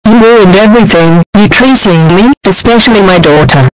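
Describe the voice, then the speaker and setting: Robotic tts lady yelling at someone like a mad mom, dry mic. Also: medium pitch, expressive, moderate pace, no echo, poor audio. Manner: shouting scolding, broken grammar. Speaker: angry mother scolding a cook. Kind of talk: text-to-speech fan animation.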